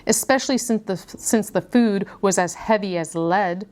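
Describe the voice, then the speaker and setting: A woman's voice: medium pitch, normal speed, a little mellow, close to an everyday voice. A woman doing a grumbling stiff old colonel. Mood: gruff.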